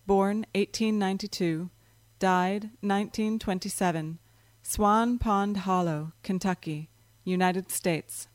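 A woman narrating a story in a calm, measured reading voice. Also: mid-range voice, no echo.

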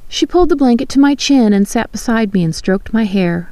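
A woman narrates a first-person story in a measured, expressive reading. Her voice is mellow and dark, and her pitch sits mid-range. The recording is close and dry. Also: no echo.

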